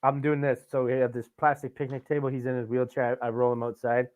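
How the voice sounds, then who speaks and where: A man's voice: medium pitch, flat delivery, quick pace, a little mellow. A young adult man hosting a podcast, telling rambling, profane stories in casual chat and laughing at his own tales. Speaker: podcast host. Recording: tinny phone-like sound.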